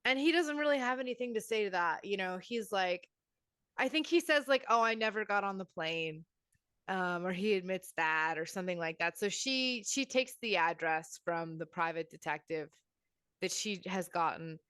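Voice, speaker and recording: A woman co-hosting a podcast, recapping a story in casual chat with expressive quoted voices. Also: medium pitch, normal speed, clean tone, no room sound, studio quality. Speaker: podcast co-host.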